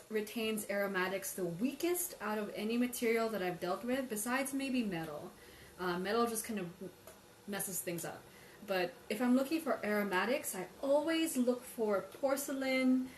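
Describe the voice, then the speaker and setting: A woman hosts a live tea tasting, musing aloud as she compares cups and reads out viewer questions. Her voice sits in the middle of the range, and the room gives it a noticeable echo over a faint background hum. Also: medium pitch. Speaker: tea livestream host. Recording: roomy livestream audio with faint ambience.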